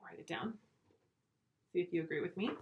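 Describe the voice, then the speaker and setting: A woman teacher giving a remote reading lesson to young pupils, slow and clear, encouraging. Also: lowish voice, muffled recording, a little hiss or hum. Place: home room with a whiteboard.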